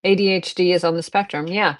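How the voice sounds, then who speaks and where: A middle-aged woman with a slightly low voice hosts a live selling stream. She chats casually and rambles through long personal stories. She keeps circling back to address her viewers directly. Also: fairly even intonation, quick pace. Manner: rambling anecdotes, restarts and fillers, talks to viewers. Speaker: live-stream seller host.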